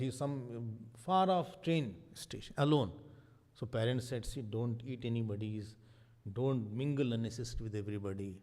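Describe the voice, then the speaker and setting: A man with an Indian English accent giving a spiritual talk as a swami, telling stories with lively voices, sudden loud exclamations and soft asides. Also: medium pitch. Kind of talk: sermon-style discourse with stories. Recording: long hall reverb.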